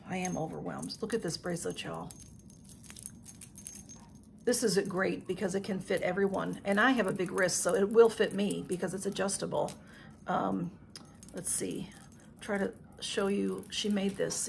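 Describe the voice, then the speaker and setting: A woman YouTube vlogger chats casually to her camera during an unboxing, gushing with emotion and thanking repeatedly. Her medium-pitched voice is a little slow, with vocal fry, long pauses, and slight background noise.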